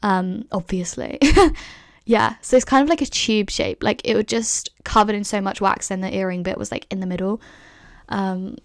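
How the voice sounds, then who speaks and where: A woman's voice: mid-range voice, dry recording, clean studio sound. A woman in her twenties from the UK, telling a story in a chatty, casual way with lots of fillers and laughs. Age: 20s. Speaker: vlogger.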